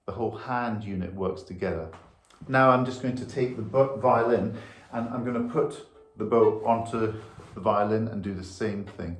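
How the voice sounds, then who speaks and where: A man's voice: lowish voice, moderate pace. A man teaching violin, patiently explaining bow technique step by step while demonstrating. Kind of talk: instructional lesson. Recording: echoey room with violin.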